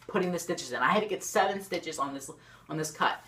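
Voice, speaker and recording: Low-voiced teen girl rambling into her camera, storytime vlog, says "like" a lot. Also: a little fast. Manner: rambling, lots of "like", excitable swings. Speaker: YouTuber. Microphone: camera facing the speaker.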